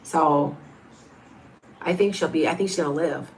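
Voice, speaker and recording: This medium, a woman in her fifties, works casually through livestream viewer questions, restarting often and wandering into asides. Her voice sits low and gravelly at a moderate pace, with slight background noise.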